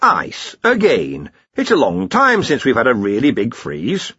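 A vague, dreamy older wizard lecturer, as a man puts him on, drawing out every word slowly. Husky and dry, close to the mic. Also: mid-range voice, huge pitch swings, sharp tone, no echo, lo-fi sound, voice pushed up, full character voice. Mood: wistful. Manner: drawn-out, languid. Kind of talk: audiobook character voice.

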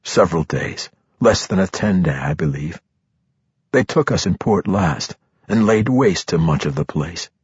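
A man gives voice to a hard, sardonic assassin in this audiobook. The voice sits deep and husky, each line clipped and dry. The recording is dull and lo-fi, with a close, dry sound. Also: lively intonation, measured pace, no echo, full character voice. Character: grim, wry male assassin.

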